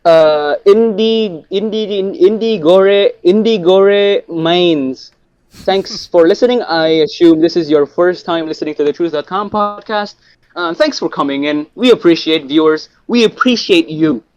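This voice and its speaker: A young man co-hosting a podcast, giving halting thank-yous full of fillers. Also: on the high side, clean tone, no room sound, highs cut off. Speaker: podcast co-host. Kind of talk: casual chat, listener shout-outs.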